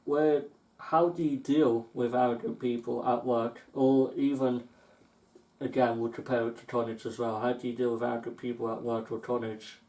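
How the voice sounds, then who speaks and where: A man's voice: mid-range voice, level tone, moderate pace, dark tone. Chatty man, echoey room. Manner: storytelling, acts out angry customers in anecdotes. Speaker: podcast co-host. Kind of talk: casual chat.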